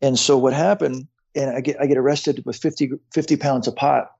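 A man's voice: mid-range voice, fairly even intonation, a little fast, gravelly, darkish tone, breathy edge, dull audio. A man in his fifties, a podcast guest, earnestly telling his own story and often repeating words as he goes. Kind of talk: personal storytelling in conversation.

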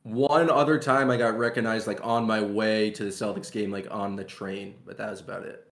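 A man co-hosting a podcast, talking in a low-key, slightly awkward way. His voice rings in an echoey room. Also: steady tone, brisk, fairly bright tone. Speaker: podcast co-host. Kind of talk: casual chat.

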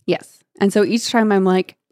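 A woman's voice: medium pitch, fairly even intonation, moderate pace, a little mellow, no echo, studio quality. A woman co-hosting a casual chat recapping a book, sarcastic and playful, laughing often.

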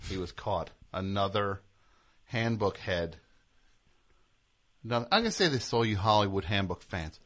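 A male radio host with a bright, forceful voice that leaps up and down in pitch. He banters casually and breaks into exaggerated impressions for laughs. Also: normal speed, long pauses. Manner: animated, jokey, slips into exaggerated impressions.

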